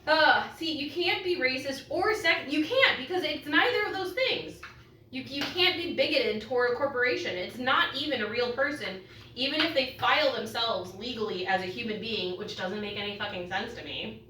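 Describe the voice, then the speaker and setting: A young woman with a slightly high, bright voice talks through her cooking in a loose, joking, profane way, her eyes teary from an onion. She sounds set back from the mic in an echoey home kitchen, with faint room ambience behind her. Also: expressive, normal speed, far from the mic, slight background noise. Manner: joking, irreverent, swears freely. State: teary-eyed from cutting onion. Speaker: vlogger. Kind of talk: casual chat while cooking.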